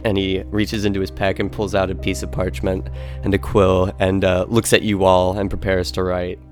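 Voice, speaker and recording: A man's voice: deep voice, level tone, moderate pace, faint music behind. A man running a tabletop game as game master, narrating loosely with many "uh" and "kinda" fillers.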